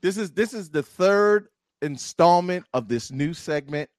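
A man from Philadelphia hosting a podcast, bantering in a playful, teasing way and breaking into loud, excited outbursts. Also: high-pitched, unhurried, a crowd in the background. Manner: animated, rising to loud exclamations. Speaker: podcast host. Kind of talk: casual podcast chat.

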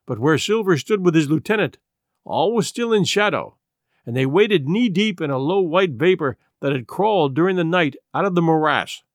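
A man narrating a classic adventure novel in an expressive storytelling manner. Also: fairly high pitch, normal speed, no echo, studio quality. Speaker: audiobook narrator.

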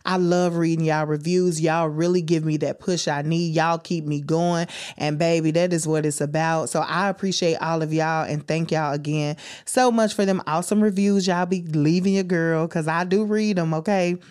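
A young woman hosts a casual faith podcast. She talks in a chatty, preachy way, fond of calling her listeners homegirls. Her voice sits a touch low. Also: steady tone, normal speed, few pauses, clear, resonant tone. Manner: chatty and warm-hearted, preachy, calls listeners homegirls and baby. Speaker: podcast host.

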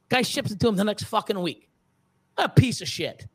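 A man's voice: high-pitched, expressive, moderate pace, breathy edge. A middle-aged man in a casual podcast conversation, ranting angrily and profanely with many restarts and repeated words. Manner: angry, profane, heated ranting with frequent restarts. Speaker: podcast guest, reptile breeder.

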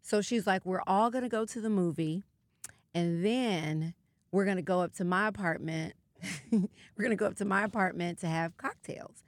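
A woman co-hosting a radio show, chatting casually and telling an animated story with frequent laughter. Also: mid-range voice, moderate pace, dry recording. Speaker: radio co-host. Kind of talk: casual on-air chat.

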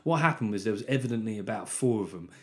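A man's voice: lowish voice, expressive, fast, a little mellow. A man hosting a podcast as a comedian, rambling through a casual comic monologue, swearing heavily and cutting himself off mid-sentence.

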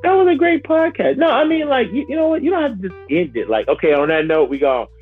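A man co-hosting a podcast in casual chat, animated and joking, laughing often. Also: extremely high pitch, fast talker, slightly rough, narrow, tinny audio, soft background music. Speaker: podcast co-host.

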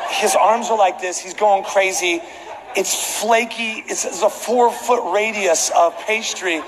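A man preaching in a big echoing hall, spinning a funny story with lively, animated delivery. His voice sits high for a man. A faint hum of noise lies under the reverb. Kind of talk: storytelling sermon.

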